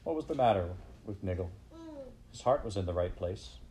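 A man reading a story aloud in measured, unhurried narration. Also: sits low, animated, mellow. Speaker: audiobook reader.

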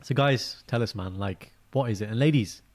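A man chatting casually as a podcast co-host, telling stories and acting out quotes in lively voices. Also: fairly low pitch, moderate pace. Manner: animated storyteller, acts out quotes. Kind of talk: casual chat.

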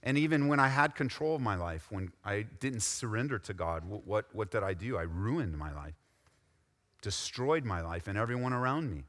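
A man preaching a sermon with a bright, forceful voice, his words ringing through a long reverb in a large church hall. He swings between loud, rising exhortation and hushed, intense passages. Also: lowish voice, lively intonation, normal speed. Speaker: pastor.

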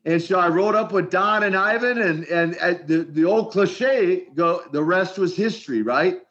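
An older man from Minneapolis, an animated storyteller who often repeats words as he starts his sentences in an interview. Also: sits high, normal speed. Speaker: retired wrestler guest. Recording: dull lo-fi sound.

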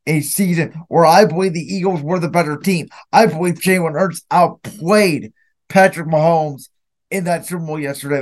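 A young man hosting his own podcast, ranting with bitter, emphatic anger about his team's defeat. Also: fairly high pitch. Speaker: podcast host. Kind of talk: solo sports reaction podcast.

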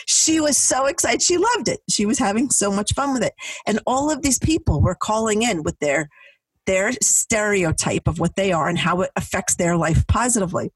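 A woman's voice: mid-range voice, normal speed, breathy edge, no echo. A middle-aged woman co-hosting a podcast, telling stories in casual chat and acting out what people said. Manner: animated storyteller, acting out quotes. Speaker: podcast co-host. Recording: dry, mic a bit distant.

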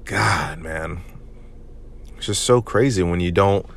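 A young man hosts a solo confessional podcast, his voice sitting low and moving slowly. He talks candidly and rambles, dropping plenty of "man" and "you know."

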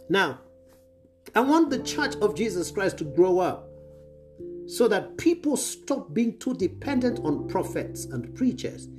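Male preacher, emphatic, repeats phrases, very animated pitch, guitar playing underneath. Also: measured pace. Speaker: preacher, apostle. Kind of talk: sermon to an online audience. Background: guitar music.

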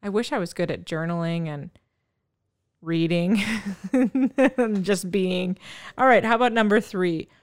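A woman in her thirties co-hosting a casual podcast chat, expressive and quick to laugh. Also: on the low side, no room sound, studio quality. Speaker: podcast co-host.

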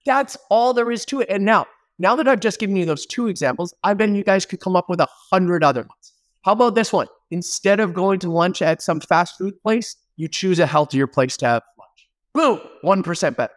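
A man with a notably high speaking voice for a man, talking as an interview guest. He delivers motivational advice with energy and emphasis, punching his points with short exclamations. His voice sits well above the usual male range. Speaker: podcast guest, business leader and speaker.

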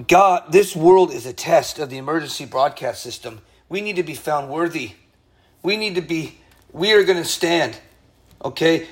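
Excitable fervent preacher man. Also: a little high. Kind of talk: online Bible teaching and prayer. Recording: loud guitar music behind.

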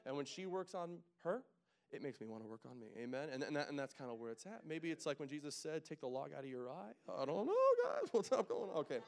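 A man in his thirties preaching a casual, joking sermon that rises into loud, emphatic calls to the congregation. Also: on the high side, lively intonation, quick pace, gravelly. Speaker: pastor.

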